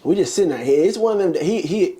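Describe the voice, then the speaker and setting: Young man, animated storyteller, slightly high pitch, acts out dialogue. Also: brisk. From United States. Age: young adult. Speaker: interview guest, former college basketball player. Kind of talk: casual storytelling chat.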